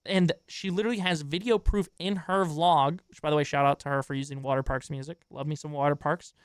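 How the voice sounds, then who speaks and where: A man's voice: on the high side, fairly even intonation, a little fast, clean tone, no room sound, clean studio sound. A man streaming a reaction video, ranting in an exasperated, profane way and chatting with his viewers in between. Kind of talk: live-stream reaction commentary.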